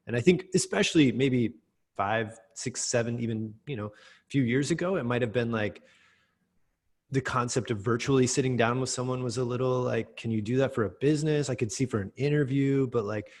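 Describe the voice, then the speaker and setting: A man's voice: mid-range voice, moderate pace. An American man hosting an interview, rambling with many fillers and restarts. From USA. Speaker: host. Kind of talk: casual interview chat.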